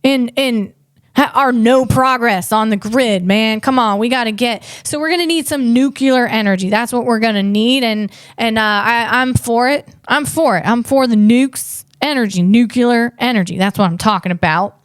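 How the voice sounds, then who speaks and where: Lady comic doing her podcast, kinda high voice, smooth and clean, dry close sound. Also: moderate pace, no room sound. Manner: chatty, riffing, self-interrupting. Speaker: podcast host, comedian. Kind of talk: casual comedic commentary.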